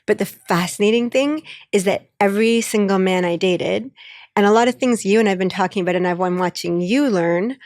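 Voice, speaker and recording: A woman co-hosting a podcast, telling a story in an animated way, acting out the dialogue and laughing often. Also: medium pitch, a little fast, no echo, studio quality. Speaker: podcast co-host. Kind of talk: casual chat, storytelling.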